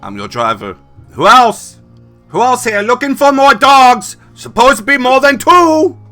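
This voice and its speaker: A man's voice: very high voice, very animated, moderate pace, pushed and bright, soft background music, pitched above the performer's own voice, heavily acted. A man voicing a pushy taxi driver who speaks in broken English. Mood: impatient.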